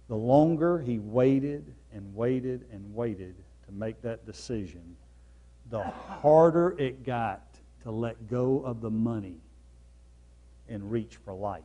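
A man preaching a sermon as pastor, repeating key phrases and swinging between loud, emphatic lines and soft, low ones. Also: a little slow.

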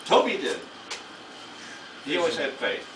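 Here the sixties-aged actor's voice is fairly high and swoops wildly in pitch, and he talks a little slowly while rambling through laugh-filled, profane stories for a live Q&A crowd. It's a small underground venue with an audience, recorded from a distance in an echoey room with loud noise.

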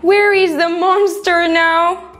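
A woman's voice: very high-pitched, flat delivery, takes it slowly, a bit bright, soft background music. A young woman teaching English to children, acting out playful pretend fright with big gasps and sing-song lines. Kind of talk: acted children's lesson.

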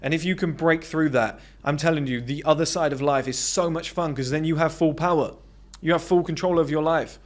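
A man's voice: a little high, fairly even intonation, fairly quick. A British man delivers an off-the-cuff motivational monologue as a self-improvement coach. He is blunt and emphatic and swears freely. His voice sits a touch above the usual male range.

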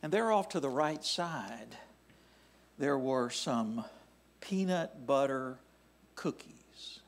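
In a church sanctuary, a male pastor preaches in a deliberate, measured way, often dropping to a near whisper as phrases end. His mid-range voice has lively intonation.

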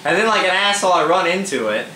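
A young man giving casual live commentary over his own multiplayer matches, swearing freely, quick to get angry and laughing at his own mishaps. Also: high voice, animated, sharp tone, slight background noise. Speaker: gamer doing live commentary. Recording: roomy echo with faint ambience.

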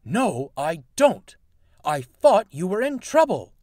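Crabby old engine voiced by a man, curt, grumpy, lively pitch, slow storybook delivery. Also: slightly rough, no room sound, studio quality, exaggerated voice. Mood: snappish. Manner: curt, grumpy, later apologetic. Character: crabby old male narrow-gauge engine.

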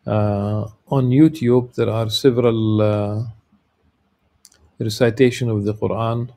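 A man lecturing with a low, gravelly voice and a dark, mellow tone. He reads from a religious text and then explains it, pausing often with filler sounds and starting phrases over. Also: fairly even intonation. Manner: halting, frequent filler sounds and restarts.

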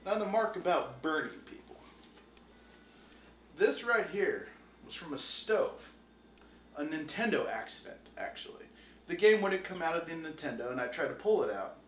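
A man's voice: on the high side, very animated, normal speed, fairly bright tone, distant mic, a little hiss or hum. A tipsy young man hosting, reading a book aloud with crude, joking, rambling asides. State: tipsy from whiskey. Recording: roomy, off-mic, faint music.

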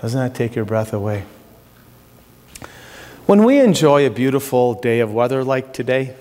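A male pastor preaching a sermon with passion, swinging between soaring high exclamations and low, quiet drops. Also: expressive, moderate pace. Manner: impassioned, rising to high exclamations then dropping low. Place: church sanctuary. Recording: long church reverb.

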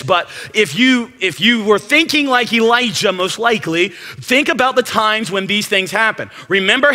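Lively bright-voiced man preaching. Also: high-pitched. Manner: animated, acts out the story in quoted voices. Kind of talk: sermon. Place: church sanctuary. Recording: reverberant church hall.

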